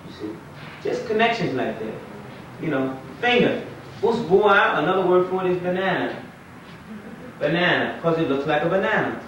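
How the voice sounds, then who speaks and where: A fairly high-voiced man, an imam, lectures a class in a relaxed, conversational way and keeps quizzing his students. He is heard from across a very echoey mosque classroom. The recording sounds like dull, muffled 1990s tape with a faint hiss. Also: normal speed, pauses often, distant mic. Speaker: imam teaching Arabic.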